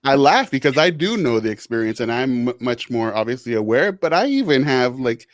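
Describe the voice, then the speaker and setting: Man, middle-aged, podcast host, reflective, supportive, medium pitch, dry close sound. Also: big pitch swings, no echo. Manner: reflective, supportive, quick laughs. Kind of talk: podcast interview.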